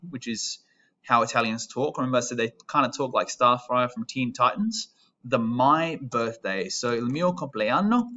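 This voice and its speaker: A man's voice: medium pitch, bright, forceful tone, highs cut off. A young Australian man in his twenties, a teacher who explains an Italian lesson step by step in a patient, chatty way. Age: 20s. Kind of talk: recorded classroom lesson.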